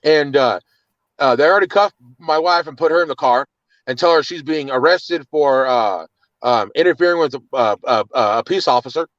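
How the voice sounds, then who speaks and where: A man's voice: fairly high pitch, moderate pace, a bit bright, dry recording, dull audio. A man with children telling an agitated, cursing story of his arrest, often repeating words. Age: adult with children. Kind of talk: casual storytelling.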